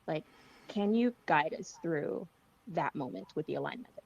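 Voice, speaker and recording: A woman's voice: sits low, expressive, moderate pace, creaky, husky. Woman host on dull lo-fi audio. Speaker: podcast host. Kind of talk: casual interview chat.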